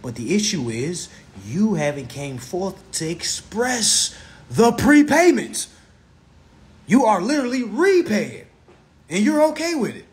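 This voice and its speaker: A man's voice: sits high, sing-song, a little slow. A man lecturing on a live stream, blunt and profane, who repeats his phrases for emphasis.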